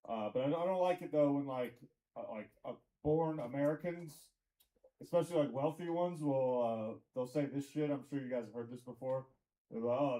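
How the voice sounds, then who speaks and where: A man's voice: mid-range voice, warm tone, low-quality recording. A man from Tennessee doing a rambling stand-up comedy set in a comedy club, with crowd work and lots of fillers.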